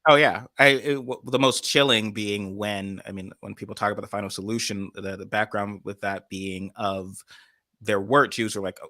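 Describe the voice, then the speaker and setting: Brief: animated sarcastic male co-host, bright and forceful tone, dry sound. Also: fairly low pitch, no echo. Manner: animated, sarcastic, many fillers and quick asides. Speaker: political blog co-host. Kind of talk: casual political chat.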